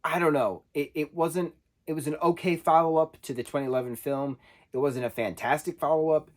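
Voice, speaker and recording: A man's voice: fairly high pitch, steady tone, brisk. Casual man rambling through a review. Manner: conversational, self-correcting, loosely rambling. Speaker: film reviewer.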